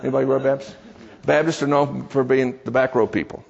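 Heard through a dull recording with long hall reverb, a man from the American South delivers a sermon. His voice is creaky and medium-pitched, with fairly even intonation and a quick pace. He tells a story conversationally, in a folksy manner, joking with the congregation along the way.

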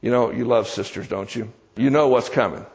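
Folksy preacher in a reverberant church. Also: male voice, mid-range voice, fairly quick, vocal fry, a little mellow. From American South. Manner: folksy, conversational, joking asides to the congregation. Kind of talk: sermon with storytelling. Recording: dull sound with long hall reverb.

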